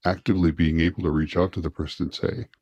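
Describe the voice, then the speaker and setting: A man speaking as an interview guest, reflective and halting, often restarting his sentences. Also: low-pitched, little pitch movement, a little mellow, no room sound, muffled recording. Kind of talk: candid personal interview.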